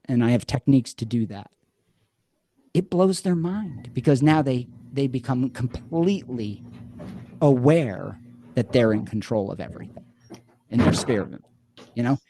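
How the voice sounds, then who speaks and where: Gravelly-toned, dark-voiced storyteller man. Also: mid-range voice, no room sound. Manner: animated storyteller, acts out quotes, repeats and restarts words. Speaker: podcast guest, addiction program co-creator. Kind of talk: conversational storytelling.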